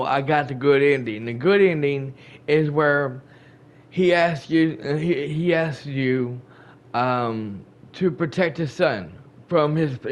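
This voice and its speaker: A man hosting a gaming channel, casually recapping a game. He rambles, repeats himself, talks straight to his viewers and retells scenes with quoted dialogue. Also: a little high. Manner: colloquial and chatty, addressing viewers directly.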